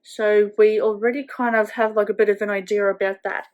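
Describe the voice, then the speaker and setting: A woman's voice: mid-range voice, level tone, a little fast, darkish tone. A woman book vlogger chatting casually at home at night, rambling with lots of "like" fillers. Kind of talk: casual reading vlog chat.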